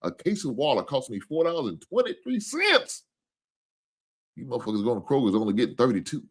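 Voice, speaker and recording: A tired man with a drawl rambles through a casual sports talk stream. His pitch swings widely as he cusses and jokes with his chat. He sounds loose and unscripted. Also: huge pitch swings, brisk, slightly rough. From Kentucky. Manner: rambling, profane, laughing and joking with chat.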